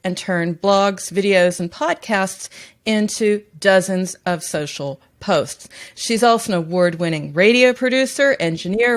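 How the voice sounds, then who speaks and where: Female podcast host, measured and polished, mid-range voice. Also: mid-range voice. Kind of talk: scripted intro and interview questions.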